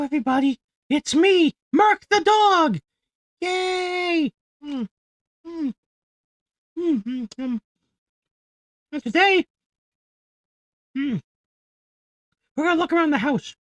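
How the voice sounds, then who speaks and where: A woman voicing a cheerful, excitable male pet dog with bouncy, squealing talk and lots of hums. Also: high voice, slow, long pauses, no echo, studio quality, voice pushed up. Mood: excited.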